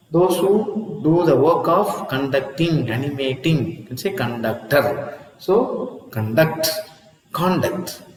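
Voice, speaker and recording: A man, teaching a lesson in a slow, repetitive way and often asking "see?" and "huh?". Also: medium pitch, a little mellow. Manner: slow, repeats each word, asks "see?" and "huh?". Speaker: English teacher. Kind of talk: classroom lesson. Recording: echoey room with long reverb.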